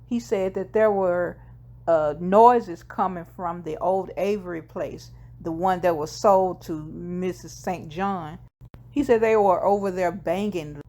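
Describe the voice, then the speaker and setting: A woman's voice: fairly low pitch, takes it slowly, dark tone. A woman casually retelling a TV episode scene by scene, quoting the characters' lines in her ordinary voice, with the odd filler and self-correction. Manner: retells scenes step by step, quoting dialogue in plain voice. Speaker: TV episode recapper. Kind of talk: casual plot recap.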